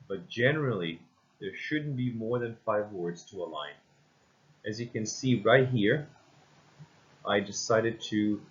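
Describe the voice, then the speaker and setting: A man's voice: lowish voice, highs cut off. A man teaching a recorded lesson, walking through steps and often saying "again" and "basically" with frequent ums. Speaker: instructor.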